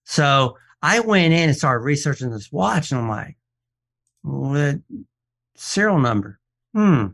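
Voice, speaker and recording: Slightly high, slightly slow, and gravelly, this man is a watch appraiser telling stories as a guest on a casual radio show. He acts out the characters animatedly, quotes them in dialogue, and restarts his sentences frequently.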